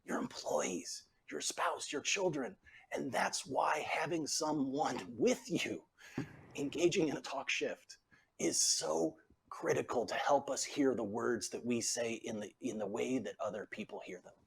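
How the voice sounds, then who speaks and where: Brief: man, 40s, leadership author guest, conversational, acts out sample lines, mid pitch. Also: unhurried, creaky, slightly rough. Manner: animated, acts out example phrasings. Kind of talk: conversational coaching talk.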